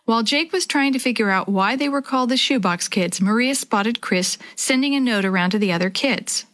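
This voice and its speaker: A woman's voice: on the high side, brisk, fairly bright tone. Woman reading a children's story. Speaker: narrator.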